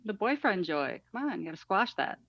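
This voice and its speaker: A woman's voice: medium pitch, very animated, a little fast, vocal fry, no echo, lo-fi sound. A woman co-hosting a podcast in casual chat, blunt and teasing. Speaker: podcast co-host.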